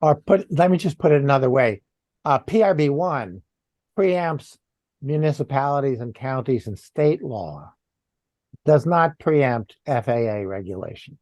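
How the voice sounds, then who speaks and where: A man with a Boston accent takes questions as the guest presenter, explaining patiently and spelling things out letter by letter. His voice sits at an ordinary middle pitch. The sound is dry and close, as from a video call mic. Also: lively intonation, measured pace, a little mellow, no room sound. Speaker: guest presenter on antenna law.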